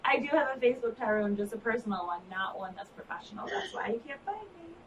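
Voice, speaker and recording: Brisk woman co-host, heard from afar. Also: on the high side, expressive. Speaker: co-host, psychologist. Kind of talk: casual chat on a live broadcast. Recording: from far off, faint noise.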